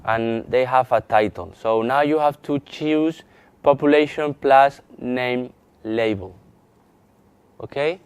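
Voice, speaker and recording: A man with a Spanish accent leads a hands-on software lesson at an unhurried pace, pausing and restarting as he clicks through each step. His voice is smooth and clear, recorded dry and close with little room sound. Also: mid-range voice, no echo. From Spain. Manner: halting, many restarts and fillers while demonstrating on screen. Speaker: GIS instructor. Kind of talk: live software training lesson.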